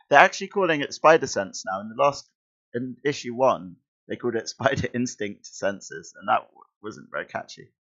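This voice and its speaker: A chatty male streamer reads a comic aloud and keeps stopping for amused asides, talking in a mid-pitched voice. The audio is slightly dull and muffled. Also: animated, normal speed, a bit bright. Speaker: streamer and schoolteacher. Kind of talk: casual comic read-along commentary.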